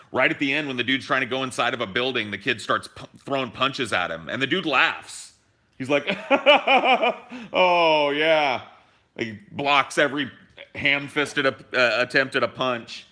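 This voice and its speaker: Bright-voiced animated young man. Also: medium pitch, normal speed. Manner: animated storyteller, swears freely, acts out quotes. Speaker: podcast co-host. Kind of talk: casual podcast chat.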